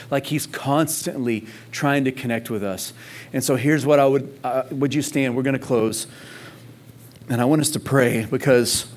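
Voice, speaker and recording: A man's voice: medium pitch, darkish tone. A man preaching a sermon in a casual, conversational way, full of rhetorical questions and emphasis. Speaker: pastor. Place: church service in Texas.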